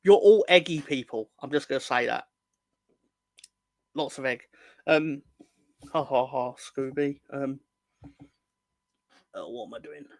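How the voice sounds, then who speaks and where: The young host's medium-pitched voice has lively intonation and a darkish tone, a little slow with frequent pauses, in a dry recording. On his football fan livestream he rambles casually, cracking jokes and teasing the chat as he reads comments.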